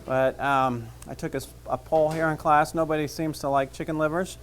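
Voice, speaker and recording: A man's voice: a little high, flat delivery, normal speed, a little hiss or hum. A man teaching a cooking class, chatting casually and joking as he cooks. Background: frying and sizzling.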